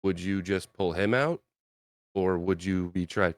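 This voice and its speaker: Deep-voiced man at the game table. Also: unhurried, no room sound, studio quality. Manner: thinks aloud with hesitant restarts. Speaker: player. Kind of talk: tabletop game play, casual.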